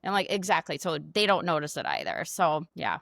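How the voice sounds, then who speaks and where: A woman's voice: low-pitched, very animated, brisk, creaky, fairly bright tone, no echo, clean studio sound. A woman guest on a podcast, chatting casually and telling stories with quoted dialogue. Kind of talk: casual chat.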